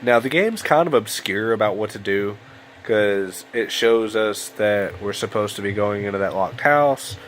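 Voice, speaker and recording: A man's voice: fairly low pitch, a little slow, fairly bright tone, a little hiss or hum, rough recording. A young man giving casual, rambling gameplay commentary at home late at night, sounding tired and yawning. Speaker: let's play host. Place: home room at a computer.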